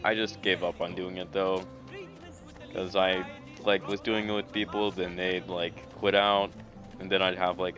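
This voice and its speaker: A man's voice: deep voice, little pitch movement, a little slow, fairly bright tone, faint music behind. A young man giving rambling, enthusiastic let's-play commentary while gaming. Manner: rambling, filler-heavy, enthusiastic. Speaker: gaming video creator.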